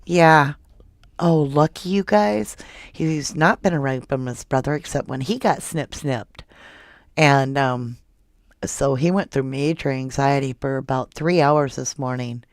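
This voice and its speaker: Low gravelly woman host. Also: a little slow, dry recording, studio quality. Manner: chatty and animated, jumping up high when excited. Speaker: true crime livestream host. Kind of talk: casual live chat reading viewer comments.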